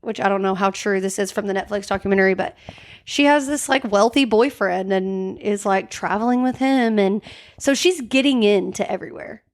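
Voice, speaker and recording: A woman's voice: medium pitch, moderate pace. A woman co-hosting a podcast in casual chat, telling a story with lots of "like" fillers and acting out the quoted lines. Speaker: podcast co-host. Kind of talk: casual true-crime chat.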